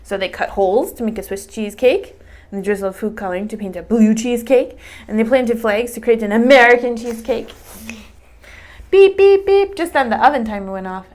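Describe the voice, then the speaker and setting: A woman teacher doing a read-aloud storytime, animated and chatting with a child. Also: a little high, fast talker. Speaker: English teacher.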